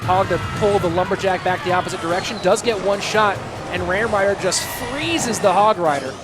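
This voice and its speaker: A man's voice: high-pitched, moderate pace. A young man casting a live esports stream, calling plays and joking casually with chat. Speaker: esports caster. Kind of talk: live stream game commentary. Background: music.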